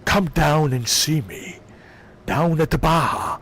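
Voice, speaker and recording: A man doing a comedic impression of a boastful older tough-guy ex-wrestler politician, in a slow, gravelly drawl. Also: fairly high pitch, fairly bright tone, a little hiss or hum. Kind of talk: comedic impression while gaming.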